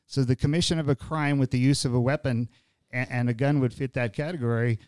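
A man's voice: medium pitch, fairly even intonation, fast, a little mellow, smooth, no echo. A man hosting a podcast, talking in a thoughtful conversational way and often restarting his phrases. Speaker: podcast host. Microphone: studio podcast mic.

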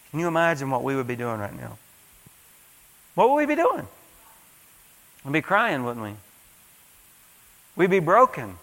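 A man's voice: fairly high pitch, wildly swooping pitch, moderate pace, long pauses, fairly bright tone, long reverb tail, poor audio. A male pastor preaching a sermon in a church, emphatic, repeating phrases and calling out for an "amen".

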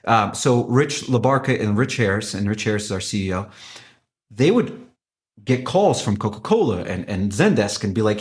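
A man who is a company executive, pitching his product in an animated, emphatic way with frequent restarts. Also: normal speed. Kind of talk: conversational business pitch.

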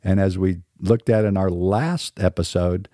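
A man's voice: sits low, fairly even intonation, a little slow, dark tone, dry recording, clean studio sound. A middle-aged man from the American South with a mostly standard American accent, hosting a podcast in a scripted monologue with wry, sarcastic asides. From Southern United States. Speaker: podcast host.

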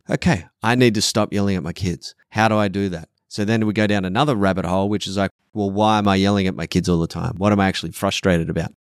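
A man's voice: on the low side, no echo, studio quality. A middle-aged man on a podcast, speaking bluntly and emphatically, swearing often and acting out quoted voices. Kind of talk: podcast conversation.

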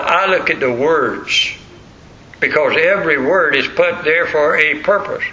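A man's voice: a little high, pushed and bright. An older man preaching a sermon in a folksy, rambling storytelling way. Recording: muffled lo-fi recording with faint noise.

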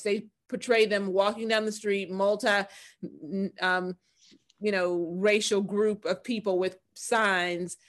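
Woman host chatting, opinionated, sums things up. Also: mid-range voice. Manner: opinionated, sums up and draws conclusions. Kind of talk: conversational commentary.

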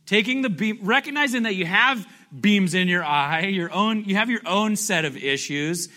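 Male pastor, high and bright voice, chatty sermon full of questions to the room. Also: measured pace. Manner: conversational, asks the congregation questions; jokey, playfully acts out scripture.

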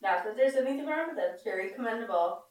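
A woman's voice: fairly high pitch, lively intonation, fast talker, a little mellow, rough recording. A woman chatting casually as co-host, easygoing and reasoning things through. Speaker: podcast co-host. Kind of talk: casual chat.

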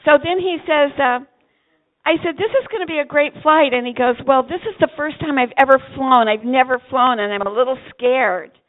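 An older woman from Vermont, a pastor's wife, telling a story and acting out the dialogue with lively delivery. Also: sits high, normal speed, phone-quality sound. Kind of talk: storytelling testimony.

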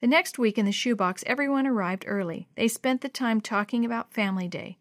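A woman narrating a children's storybook in a gentle, steady read-aloud manner. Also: fairly high pitch, brisk, no echo, studio quality.

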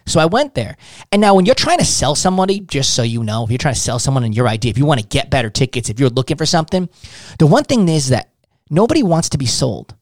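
A man's voice: mid-range voice, very animated, fast talker, dry recording, clean studio sound. A man coaching on sales in blunt, profane casual talk, acting out little dialogues as he tells stories. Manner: blunt, swearing, acts out dialogues. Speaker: sales trainer.

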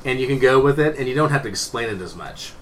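A man's voice: mid-range voice, animated, quick pace, slight background noise. A man co-hosting a casual podcast, rambling and hedging, with casual swearing. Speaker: podcast co-host. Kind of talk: casual chat.

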